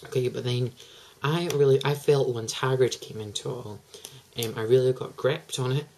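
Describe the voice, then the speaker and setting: Excitable teenage lad rambling. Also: male voice, medium pitch, normal speed, slight background noise, low-quality recording. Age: teens. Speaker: vlogger. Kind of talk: casual chat to camera.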